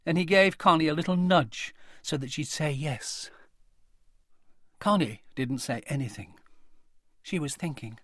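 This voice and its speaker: A man reading a children's audiobook in an expressive, playful storytelling manner. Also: on the high side, measured pace, long pauses, no echo, clean studio sound. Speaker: audiobook narrator.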